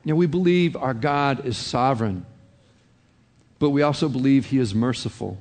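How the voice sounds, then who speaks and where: A man's voice: mid-range voice, moderate pace, darkish tone, long reverb tail. A man preaching a sermon as a pastor, conversational, with frequent "you know" asides.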